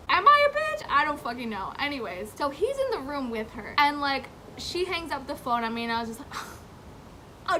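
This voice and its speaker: High bright-voiced woman telling a story. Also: normal speed, slight background noise. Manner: animated, profane, laughing often, heavy use of "like". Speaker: vlogger. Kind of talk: casual storytime.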